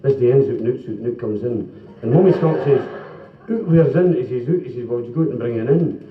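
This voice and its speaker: A Scottish man telling quick jokes in a live stand-up set, slipping into comic voices and asides. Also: mid-range voice, animated, a crowd in the background. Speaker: stand-up comedian and singer. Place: club function room before a live audience. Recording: 1970s live club recording, roomy, dull, from far off.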